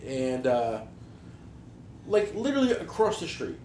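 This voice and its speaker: A man's voice: medium pitch, measured pace. Guy telling tool truck stories on a podcast, swears a lot, voice all over the place, echoey room. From New Jersey. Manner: profane, animated storytelling. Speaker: podcast host, tool dealer. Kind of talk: casual podcast chat. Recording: roomy echo, faint background hiss.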